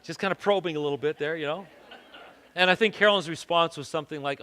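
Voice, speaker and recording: An earnest man preaching in a church hall, telling stories on himself with wry self-deprecation. His voice sits a little high for a man, and a long reverb trails after it. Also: fast talker, bright, forceful tone. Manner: earnest, self-deprecating storyteller with shifting pace. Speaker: pastor. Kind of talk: sermon with personal story.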